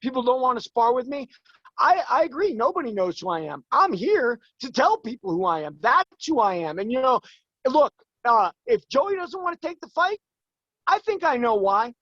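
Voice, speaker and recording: A man in his forties, a guest in an interview, talking emphatically and fast, his voice climbing as he gets worked up. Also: very high-pitched, very animated, a bit bright, no room sound, lo-fi sound. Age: 40s. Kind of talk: heated interview talk.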